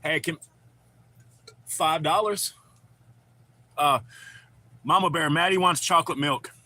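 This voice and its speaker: A man, chatting with his live-stream viewers in a loose, profane way. His voice sits a little high and sounds bright and forceful. He talks casually. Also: slow pace.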